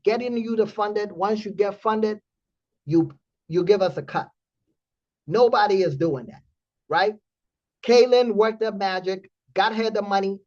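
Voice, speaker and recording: A man hosting a trading community stream, telling a story in blunt, animated casual talk with profanity. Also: high-pitched, dull audio.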